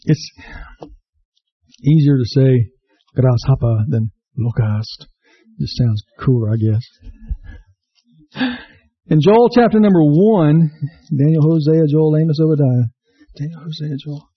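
A man's voice: measured pace, pauses often, breathy edge. A man preaching an earnest sermon, repeating himself and asking the congregation questions. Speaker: pastor. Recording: slightly dull low-fidelity recording.

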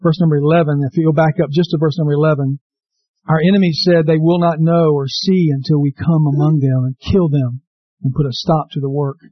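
High-voiced lively preacher man. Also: a little fast, no echo, dull audio. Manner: lively storytelling preacher, acts out quotes in raised voice. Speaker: pastor. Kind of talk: sermon.

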